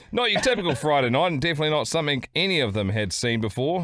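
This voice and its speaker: A man's voice: lowish voice, fairly bright tone, no echo, clean studio sound. A man co-hosting a casual podcast, swearing freely and reading out listener mail. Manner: swearing, laughs often, reads listener mail aloud. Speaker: podcast co-host. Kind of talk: casual chat.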